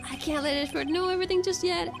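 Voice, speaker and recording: A woman's voice: extremely high pitch, fairly even intonation, rapid-fire, creaky, music in the background, voice pushed up. A woman voicing an earnest young male defense attorney, determined in tone.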